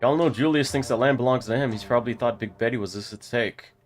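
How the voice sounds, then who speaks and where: A man's voice: medium pitch, fast talker, soft background music, natural voice. A man voicing a stoic, earnest young farmhand who speaks in a plain, folksy way.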